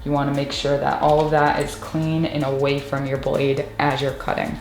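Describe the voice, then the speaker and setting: A woman demonstrating a stained glass tool in a casual tutorial vlog, explaining as she works and often gushing with excitement. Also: extremely low pitch, normal speed. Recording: echoey room with faint music.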